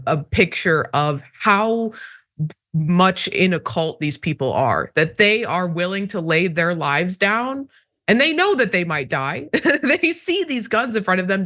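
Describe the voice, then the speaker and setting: A woman's voice: fairly low pitch, a bit bright. A woman giving political commentary on a news show, sarcastic and emphatic, laughing between points. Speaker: co-host commentator.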